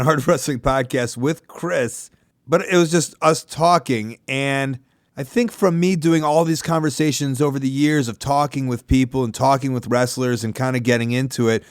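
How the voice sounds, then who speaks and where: A man, hosting a podcast in a rambling, self-deprecating monologue with animated asides. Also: a little high, dry recording, studio quality. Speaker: podcast host. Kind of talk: casual monologue.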